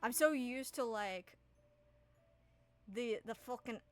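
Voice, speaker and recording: A woman's voice: a little high, slow, faint music behind. A woman game master narrating a tabletop game in a casual, rambling way with many fillers.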